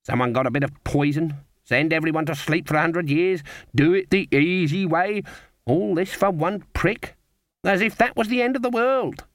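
A man voicing a stern, proud older witch in an audiobook, sharp and scolding. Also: on the high side, moderate pace, dry recording, clean studio sound, voice pushed up, lightly acted. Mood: irritated. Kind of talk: audiobook character voice.

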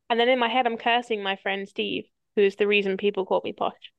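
A woman's voice: medium pitch, level tone, fast, few pauses, no echo. A woman hosting a podcast in loose, casual chat, an easy storyteller who swears without a second thought. Her mid-range voice sits close and dry, with no room around it. The sound is a touch dull and lo-fi. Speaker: podcast host.

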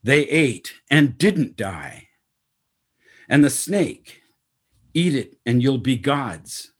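A man's voice: medium pitch, sing-song, breathy edge, voice pushed up, heavily acted. A man voicing a proud, defiant old chief. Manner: blunt, measured, bitter.

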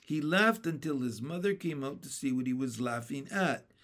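A man reading a children's chapter book aloud in a steady, plain storybook narration. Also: medium pitch, moderate pace.

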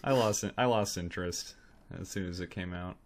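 A man's voice: low-pitched, moderate pace, slight background noise. A man co-hosting a film podcast, talking in a laid-back, wry way with the odd chuckle. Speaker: podcast co-host reviewing films. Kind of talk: casual chat.

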